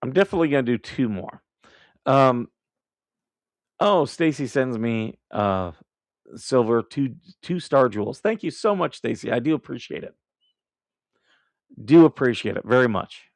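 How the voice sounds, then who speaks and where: Male streamer host, blunt and foul-mouthed, mid pitch, dry close sound. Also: animated, moderate pace, pauses often, no room sound. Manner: blunt, profane and combative; laughs at his own remarks. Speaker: livestream host. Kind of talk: casual live commentary.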